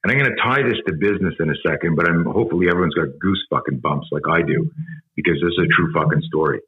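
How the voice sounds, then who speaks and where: A man with a very low voice tells a harrowing story as a podcast guest, swearing freely and leaning hard on key words. The sound is dull and lo-fi. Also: fast. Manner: emphatic, profane, vivid storyteller. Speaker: guest, self-defense instructor. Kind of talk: intense storytelling in a podcast interview.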